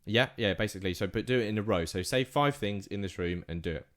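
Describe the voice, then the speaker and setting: A man's voice: lowish voice, quick pace, a bit bright. A man co-hosting a podcast in casual chat, rambling and laughing often. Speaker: podcast co-host.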